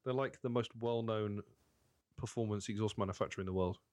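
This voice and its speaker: A man's voice: fairly low pitch, steady tone, brisk, darkish tone. A man co-hosting a podcast, teasing and sarcastic in car banter. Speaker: podcast co-host. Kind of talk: casual banter about cars.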